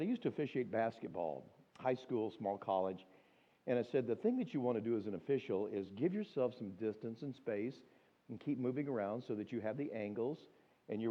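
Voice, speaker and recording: A man speaking at a school week of prayer, telling stories from his life in an animated way and acting out the voices of the people in them. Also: on the low side. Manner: animated storyteller, acts out quoted voices. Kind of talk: storytelling sermon. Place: school chapel or auditorium. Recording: dull lo-fi sound.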